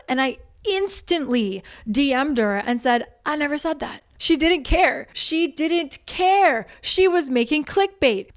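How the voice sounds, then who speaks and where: A woman speaking straight to camera with a slightly high voice, blunt and indignant as she tells her side of a feud. She keeps slipping into quick acted-out quotes of what other people said, then drops back to her own flat-out tone. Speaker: online commentator. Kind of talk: direct-to-camera storytelling.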